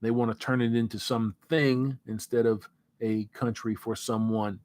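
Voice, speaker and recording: A man hosting a casual livestream, reading out viewer comments in a relaxed, rambling way before sliding into an earnest pep talk. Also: medium pitch, moderate pace, no echo. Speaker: livestream host.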